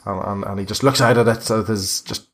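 A man narrating a tabletop game as game master, talking in a halting way with many fillers and restarts. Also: lowish voice, fairly even intonation.

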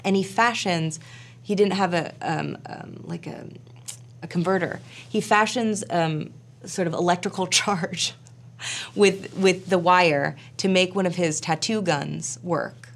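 A woman actor and director tells a story in a relaxed interview, her voice sitting a little low with a gravelly, fry-tinged edge. She talks in an animated, chatty way, full of fillers and asides. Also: unhurried.

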